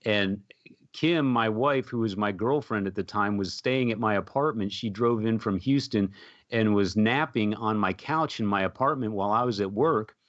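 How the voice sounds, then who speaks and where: Low-voiced, easygoing middle-aged man. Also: normal speed, no echo. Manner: relaxed storyteller who laughs often. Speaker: podcast co-host and music interviewer. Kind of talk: casual chat. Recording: dull, dry lo-fi sound.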